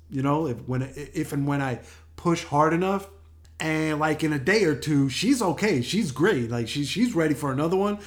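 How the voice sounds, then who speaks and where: An older man hosting a health show in a casual monologue, chatty, often laughing and full of fillers and restarts. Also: on the high side.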